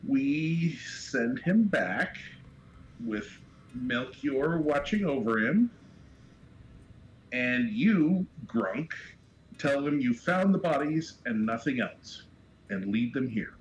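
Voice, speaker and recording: A man playing in a tabletop game, speaking in a deliberate, commanding way. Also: medium pitch, animated, low-quality recording. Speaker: player. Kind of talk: in-character tabletop play. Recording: faint background noise.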